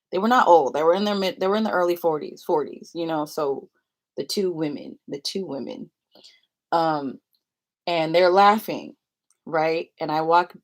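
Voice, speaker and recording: A young adult woman telling a story to the camera in a casual, rambling way, often giggling between thoughts. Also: on the low side. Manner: chatty, rambling, quick to giggle. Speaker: vlogger.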